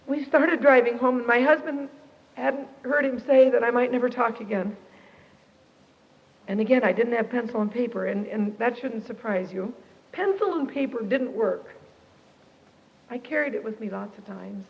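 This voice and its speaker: Lively lady telling her faith story, highish voice, echoey big hall, dull old tape sound. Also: moderate pace, creaky. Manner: animated, expressive, quotes herself and others. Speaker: speaker at a Christian camp. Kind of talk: personal testimony storytelling.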